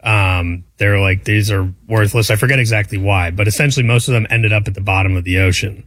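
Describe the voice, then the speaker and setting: A man co-hosting a sports radio show, relaxed and wry in casual banter. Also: fairly low pitch, fast, no room sound. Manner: relaxed, wry, chuckling asides.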